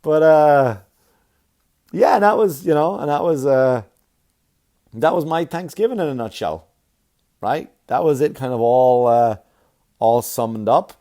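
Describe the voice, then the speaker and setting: A man's voice: mid-range voice, expressive, unhurried, long pauses, warm tone. Man, comedian, ranting monologue, swears a lot, acts out dialogue, podcast mic. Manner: ranting, profane, self-mocking, with acted-out dialogue. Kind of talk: stand-up style comic monologue.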